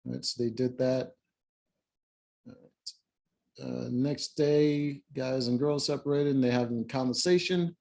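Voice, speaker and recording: A man's voice: medium pitch, fairly even intonation, normal speed, gravelly, a little mellow. A man recapping a reality-show episode in casual chat, rambling with lots of fillers and restarts and blunt asides. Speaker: show reviewer.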